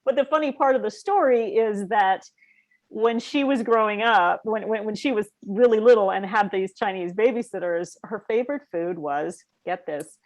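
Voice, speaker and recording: A middle-aged woman talking on a video call panel, chatty and anecdotal. She acts out quoted voices and laughs often, in a voice of middling pitch. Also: normal speed, darkish tone. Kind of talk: casual panel chat.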